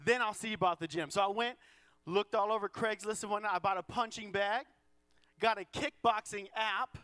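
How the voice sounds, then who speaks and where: A man's voice: high-pitched, steady tone, moderate pace, pushed and bright, clean tone, no room sound. A man preaching a sermon, a joking, self-deprecating pastor who acts out the voices in his stories. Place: church auditorium.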